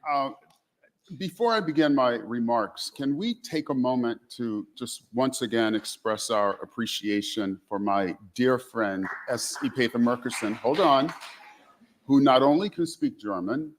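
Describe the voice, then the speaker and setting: A man at a lectern starts his keynote with warm thanks and formal acknowledgments. His mid-range voice stays steady and measured. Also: medium pitch, a little hiss or hum. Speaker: keynote speaker. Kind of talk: formal speech remarks.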